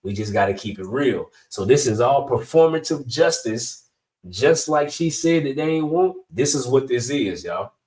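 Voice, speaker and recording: A man hosts a political commentary channel in a blunt, slang-filled style. He talks directly to his viewers at an ordinary, middling pitch. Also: lively intonation, normal speed, a little mellow. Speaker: channel host.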